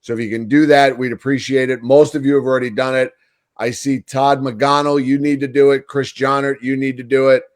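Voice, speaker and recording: A hoarse man with a New York accent co-hosting a casual fan podcast, telling stories in an animated way. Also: mid-range voice, brisk. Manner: animated storyteller, hoarse from yelling. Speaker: podcast co-host. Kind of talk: casual hockey fan chat.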